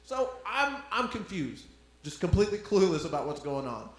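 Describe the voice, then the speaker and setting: A man performs a stand-up set with a high, lively voice that swoops around as he acts out the people in his stories. He is heard in an echoey room. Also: moderate pace. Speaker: stand-up comedian. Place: club room with audience.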